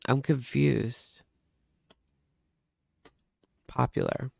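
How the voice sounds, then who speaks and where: A man's voice: medium pitch, fairly even intonation, very slow, gravelly, no room sound, clean studio sound. A man hosting a reaction livestream, chatting casually with viewers in a rambling way.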